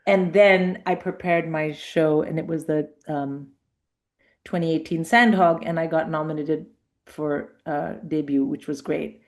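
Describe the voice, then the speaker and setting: A woman's voice: deep voice, fairly even intonation, measured pace. A middle-aged woman comedian telling anecdotes in a casual interview, acting out the voices of people she quotes. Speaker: comedian guest.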